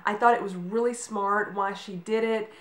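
A woman's voice: medium pitch, fairly even intonation, moderate pace. A woman in her forties chatting casually to camera, rambling a little with frequent ums. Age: 40s. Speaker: vlogger. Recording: echoey room.

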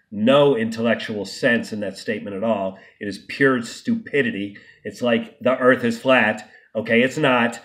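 A man with a fairly low voice talks straight to camera in an unscripted vlog. He sounds emphatic and indignant, and he keeps restarting and tripping over words as he works his way through a point. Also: a bit bright. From United States. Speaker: vlogger.

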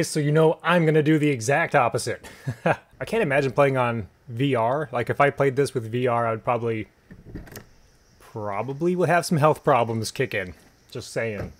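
A man's voice: on the high side, moderate pace. Joking man streaming a horror game. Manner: joking, deadpan asides, sudden yelps at scares. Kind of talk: live horror gameplay commentary.

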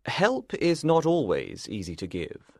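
A man voicing Sherlock Holmes, calm and grave. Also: medium pitch, dry recording, clean studio sound. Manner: measured and serious. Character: calm, grave male detective. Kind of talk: storybook dialogue for English learners.

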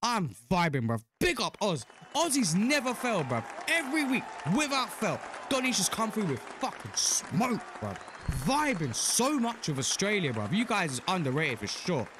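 A young British man hosting a reaction video, talking in excited casual commentary full of slang and cheers. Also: sits high, normal speed, a crowd in the background, noisy background. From United Kingdom.

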